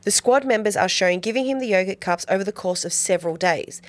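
A woman's voice: medium pitch, quick pace. A woman co-hosting a podcast, chatting casually and giggling often. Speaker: podcast co-host. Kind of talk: casual chat.

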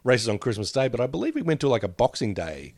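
A man's voice: medium pitch, huge pitch swings, fast, darkish tone, no echo, clean studio sound. A man co-hosting a podcast, meandering through memories with frequent laughs. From Australia. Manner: meandering, reminiscing, laughs often. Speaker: podcast co-host. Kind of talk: casual chat.

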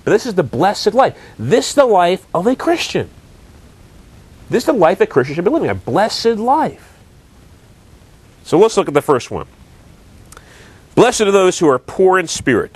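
A man preaching a sermon, earnest and direct, asking rhetorical questions and building emphasis. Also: fairly high pitch.

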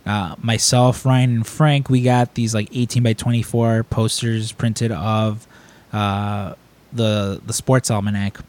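A man's voice: lowish voice, takes it slowly. A man hosting a podcast, telling stories in casual chat, rambling and acting out other people's lines in raised voices. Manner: rambling, animated, acts out quotes in raised voices. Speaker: podcast host.

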